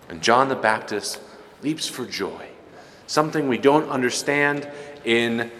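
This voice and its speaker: A man preaching a homily as a priest, animated and full of humor, and he raises his voice to act out the people in his stories. His voice carries a long reverb from the church around him, with a faint wash of room ambience underneath. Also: medium pitch, slight background noise. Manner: storytelling, joking and animated, quoting others in raised voices. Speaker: Catholic priest. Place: church during Mass.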